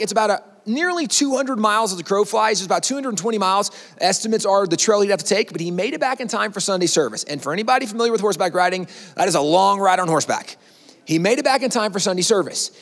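A man telling a history story to an audience, animated and conversational, checking in with "right?". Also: high-pitched, in a large hall. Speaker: speaker.

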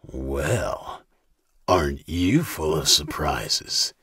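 A man voicing a cruel, brutish male captor in an audiobook, speaking in a slow, sneering, gloating way. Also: rumbling low, lively intonation, bright, forceful tone, slightly rough, no room sound, clean studio sound, pitched below the performer's own voice, heavily acted. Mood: leering.

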